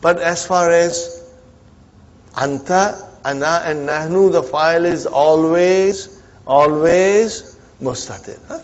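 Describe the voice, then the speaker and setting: A man's voice: on the high side, slow, lo-fi sound. Man teaching Arabic grammar to a class. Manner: drills students with frequent "huh?" and repetition; mixes Arabic phrases into English teaching. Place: community centre classroom.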